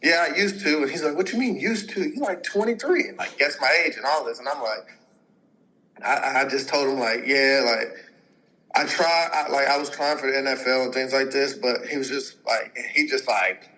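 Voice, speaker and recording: This is a young man in his twenties with a forceful, bright tone, telling his story in a relaxed and casual way. He rambles, leans on filler words, and acts out what other people said to him. His pitch sits in the ordinary middle range for a man. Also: normal speed, rough recording. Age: 20s. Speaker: podcast guest, pro football player.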